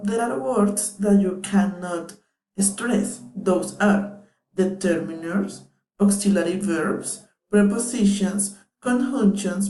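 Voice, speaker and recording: A woman's voice: mid-range voice, warm tone. A young woman whose first language is Spanish, reading a scripted lesson as a student teacher in a careful, read-aloud way. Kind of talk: scripted narration. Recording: echoey room.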